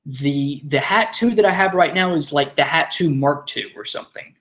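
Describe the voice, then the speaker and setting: A man's voice: a little high, normal speed, a bit bright. A young man hosting a live stream, chatting casually, rambling, swearing and laughing while he sets up. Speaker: stream host.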